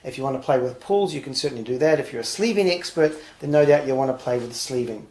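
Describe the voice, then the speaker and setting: A man casually demonstrating and explaining a magic trick, relaxed and talking as he shows each move. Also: medium pitch, fast, roomy sound. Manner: relaxed, talks while showing moves. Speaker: magic instructor.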